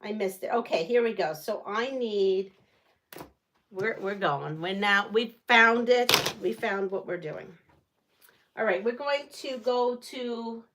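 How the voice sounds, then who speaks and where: A quilting channel host chats casually with her live-stream audience as she sews in her quilting room, laughing often. Her medium-pitched, fairly bright voice is measured, with a little hiss or hum in the audio.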